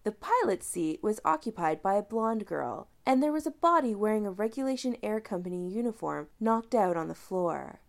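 Gravelly-voiced woman reading a story. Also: mid-range voice, sing-song, moderate pace, few pauses. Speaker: podfic reader. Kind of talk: storybook narration.

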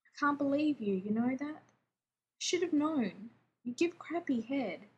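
A woman reading aloud, voicing an anxious, chattering adult man who talks in rapid, fretful bursts. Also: high-pitched, lively intonation, muffled recording, slight background noise, pitched above the performer's own voice. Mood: flustered.

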